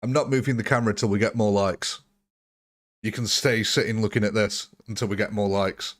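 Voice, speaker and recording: A man's voice: fairly low pitch, steady tone, fairly quick. A man streaming a game live, chatting and joking while he answers viewers by name. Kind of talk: live gameplay commentary answering chat.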